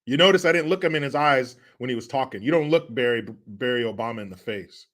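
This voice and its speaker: A man's voice: medium pitch, fast, a bit bright. A man hosting a profane political commentary rant, mocking and laughing often. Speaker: show host.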